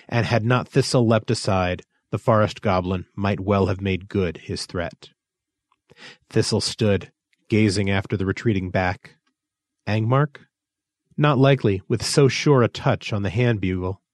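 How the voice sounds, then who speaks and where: A man reading a story aloud as narrator, in expressive, measured storytelling. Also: on the low side, no echo, studio quality. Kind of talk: scripted audiobook narration.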